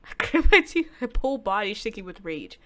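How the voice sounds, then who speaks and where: A woman reading a young game heroine's narration and lines aloud, quiet and steady with flashes of defiance. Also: medium pitch, a little fast, pitched above the performer's own voice.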